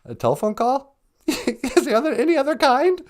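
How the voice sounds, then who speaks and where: A man voicing a squeaky, high-pitched sidekick who chirps short teasing questions. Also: big pitch swings, normal speed, darkish tone. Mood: chirpy. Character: squeaky high-voiced sidekick called sweetie.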